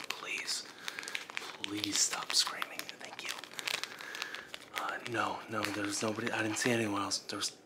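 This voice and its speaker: A man doing comedic whispered role-play as an intruder, nervous and stammering, whispering frantically and often breaking into loud hissed commands. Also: lowish voice. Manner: flustered, stammering, repeats himself. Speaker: ASMR creator.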